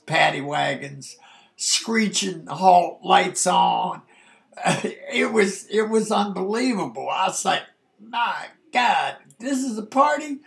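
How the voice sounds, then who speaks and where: A man's voice: a little high, creaky, fairly bright tone. A man in his sixties recounting a youthful memory in a laid-back, casual way, often saying "man". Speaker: storyteller recalling his youth. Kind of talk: casual spoken memoir.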